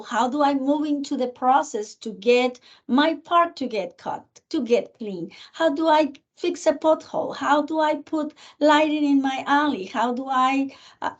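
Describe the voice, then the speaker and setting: Middle-aged woman with a Spanish accent. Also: high voice. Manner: earnest, animated, acts out remembered dialogue. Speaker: guest speaker, county commissioner. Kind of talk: interview storytelling. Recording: muffled lo-fi recording.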